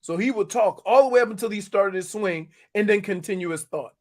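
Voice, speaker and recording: A middle-aged man co-hosting sports radio, telling animated stories and laughing often. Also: sits high, brisk. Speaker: sports radio co-host, former NFL player. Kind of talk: casual sports talk.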